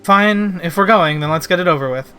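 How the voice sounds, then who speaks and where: A prickly young noblewoman from a fantasy game, blunt and impatient in her clipped replies, read aloud by a man on a stream. The voice is bright and sits fairly high. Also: brisk, faint music behind. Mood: curt.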